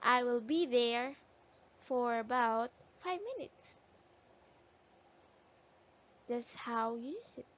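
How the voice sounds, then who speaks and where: Woman teacher, slightly high voice, very slow and deliberate, sounding out letters for kids; dull lo-fi recording. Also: fairly bright tone. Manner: slow, sounds out letters and repeats words for children to echo. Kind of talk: phonics lesson for young children.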